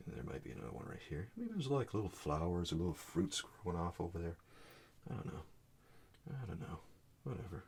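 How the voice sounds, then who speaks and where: A very deep-voiced man talks softly through a painting lesson, murmuring little asides under his breath and dropping to near-whispers. His pitch moves widely for such a low voice, over a clear layer of background noise. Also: sing-song, fairly quick. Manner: soft-spoken, muttering asides while painting. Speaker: art teacher. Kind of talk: soft-spoken painting tutorial.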